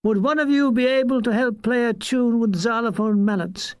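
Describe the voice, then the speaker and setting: A man's voice: very high voice, steady tone, normal speed, clear, resonant tone, dry recording. A man voicing a hyperactive balding showbiz promoter in his thirties, all eager salesman patter.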